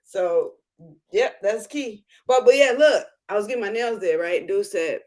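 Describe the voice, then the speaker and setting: A woman hosting a spiritual coaching chat from home, animated and quick to laugh, acting out what others said. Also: medium pitch. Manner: animated, laughing, acts out quotes. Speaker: spiritual life coach and host. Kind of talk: casual workshop chat.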